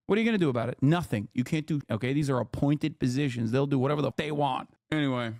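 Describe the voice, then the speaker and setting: A man streaming from his living room, giving political commentary in an animated, exasperated rant with blunt slang. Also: medium pitch, fast, no echo, studio quality. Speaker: Twitch streamer.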